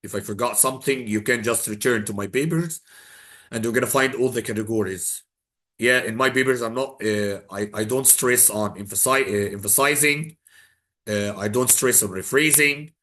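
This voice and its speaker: A man's voice: mid-range voice, moderate pace, bright, forceful tone. A man teaching an exam prep lesson in English, dropping Arabic phrases in and repeating his key points for emphasis.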